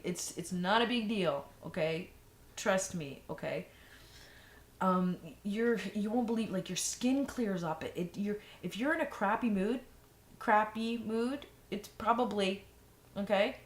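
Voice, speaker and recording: A woman's voice: mid-range voice, measured pace. A woman vlogger giving frank, rambling advice in a casual monologue, full of fillers and restarts. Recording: echoey room, faint noise.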